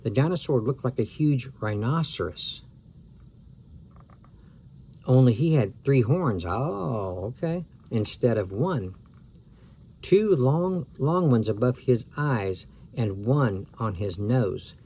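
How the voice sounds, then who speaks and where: A man's voice: medium pitch, lively intonation, slow, dark tone, a little hiss or hum. A man reading a chapter book aloud to children, breaking off for chatty asides that explain the story. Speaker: storybook reader.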